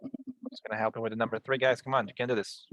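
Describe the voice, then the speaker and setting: A man's voice: medium pitch, level tone, fast talker, a bit bright, no echo, muffled recording. Man, English teacher, encouraging, repeats words, video call, dry. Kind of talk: online class teaching.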